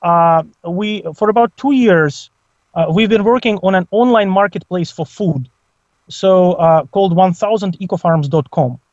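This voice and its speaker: A man with a Russian accent talks over a Skype call, measured and steady, sprinkling in "uh" fillers. His voice is high and dry, muffled by the call line. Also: dry recording. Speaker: guest, crypto project co-founder. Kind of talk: interview answers.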